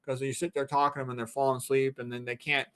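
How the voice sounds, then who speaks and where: A man's voice: medium pitch, little pitch movement, quick pace, fairly bright tone, clean tone. A man in his sixties, a physician and guest, explaining things in a blunt, emphatic, lecturing way. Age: 60s. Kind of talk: interview talk.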